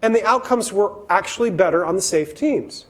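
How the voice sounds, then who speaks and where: A man's voice: high-pitched, lively intonation, fairly quick, low-quality recording. A man giving a keynote talk to a live audience. He speaks straight to the listeners and acts out the voices he quotes.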